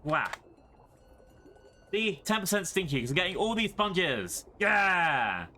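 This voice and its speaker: A man's voice: high voice, big pitch swings, unhurried, pushed and bright, a little hiss or hum. A British man streaming a game live, chatting playfully and rambling to his chat.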